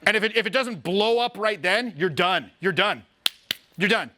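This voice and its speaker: A man coaching on social skills in a blunt, profane, fired-up lecture that acts out quick examples. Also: sits high, expressive, bright, forceful tone, slight background noise. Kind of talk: fired-up coaching talk to camera.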